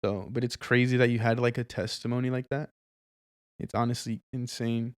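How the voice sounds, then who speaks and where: A young man co-hosting a podcast in casual chat, relaxed and affirming, moving into short faith-talk asides. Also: medium pitch, moderate pace, clear, resonant tone, no echo, studio quality. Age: young adult. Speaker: podcast co-host.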